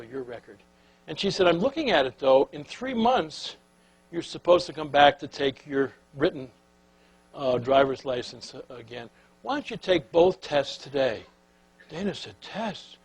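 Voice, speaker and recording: A man with a husky, slightly raised voice tells a leadership story in a folksy, anecdotal way. He keeps turning to the audience with questions as he goes. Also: on the high side, dry recording, poor audio. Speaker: keynote speaker. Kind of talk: storytelling speech.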